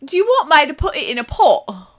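A woman voicing an impatient Cumbrian woman at a sandwich counter, who repeats herself loudly and slowly. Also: high-pitched, very animated, pitched above the performer's own voice. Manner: loud, repeating herself slower and louder.

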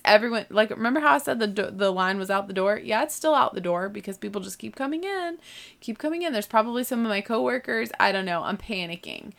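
A woman's voice: medium pitch, animated, fast talker, creaky, fairly bright tone. Young southern american woman telling a story, lots of likes and you knows, laughing at herself. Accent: Southern American, mild. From southern United States. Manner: chatty, lots of "like" and "you know", self-mocking. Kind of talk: casual anecdote.

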